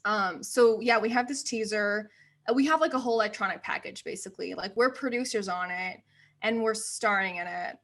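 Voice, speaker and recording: Woman guest in her thirties, lively storyteller who acts out quotes, mid-pitched casual voice. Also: brisk. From United States. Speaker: podcast guest. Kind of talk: casual interview chat.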